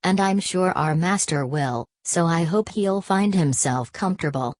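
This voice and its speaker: A woman reading the part of a shrill, bustling laborer's wife in an audiobook. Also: a little slow, a little mellow, no room sound, close to an everyday voice. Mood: fussing.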